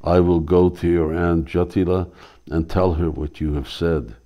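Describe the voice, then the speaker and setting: A man's voice: deep voice, fairly even intonation, a little slow, dark tone. A man reading the lines of an angry young woman messenger in a play, scolding and indignant.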